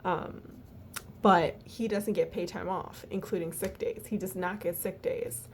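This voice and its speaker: A woman walking through her family budget in a casual, halting way, tired and yawning, with lots of fillers. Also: medium pitch, steady tone, a little mellow, slight background noise. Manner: chatty, halting, many fillers and restarts. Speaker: budgeting vlogger.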